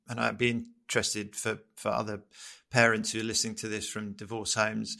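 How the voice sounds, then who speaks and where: A middle-aged man co-hosting a podcast, talking in an earnest, halting way and often restarting his sentences as he reflects. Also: lowish voice, creaky, sharp tone. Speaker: podcast co-host.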